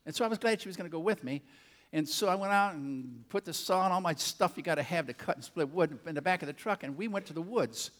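An older man preaching a sermon as a rambling story, folksy and self-deprecating, with quick asides to the congregation and a rural turn of phrase. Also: fairly high pitch, animated, fairly bright tone. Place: church auditorium. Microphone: handheld or headset mic.

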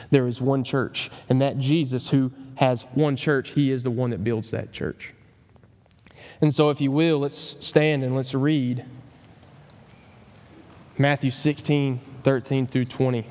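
A man's voice: mid-range voice, darkish tone. Earnest man preaching in a reverberant hall. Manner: earnest, emphatic, slows down on key phrases. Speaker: pastor. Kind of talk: sermon. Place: church sanctuary.

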